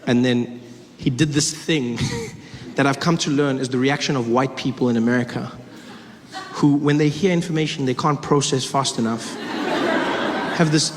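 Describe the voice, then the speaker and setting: A man telling a story in his stand-up comedy set, animated and acting out the scenes, recorded live on stage with an audience. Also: medium pitch, moderate pace. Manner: animated, acts out scenes, shifts voices. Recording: live hall reverb and crowd noise.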